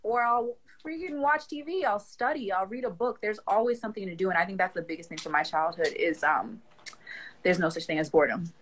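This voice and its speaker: A woman in her twenties chats as a guest with a mid-pitched voice. She talks in an animated, slangy way. She laughs often. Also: brisk, a little hiss or hum, poor audio. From Haitian family. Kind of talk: casual chat.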